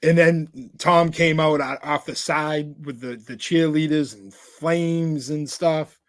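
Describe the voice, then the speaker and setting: A man's voice: fairly high pitch, fairly even intonation, slow pace, no echo. A man co-hosting a podcast, telling stories in a rambling casual chat full of "like" and restarts. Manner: rambling storyteller, many filler "like"s and restarts. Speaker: podcast co-host.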